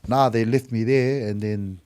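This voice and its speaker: A man's voice: mid-range voice, steady tone, unhurried, a little mellow, clear, resonant tone. A man in his thirties with a New Zealand accent, telling a story in casual chat as a podcast guest and acting out both sides of the talk, calling people bro. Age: 30s. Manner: acts out dialogue, says bro a lot.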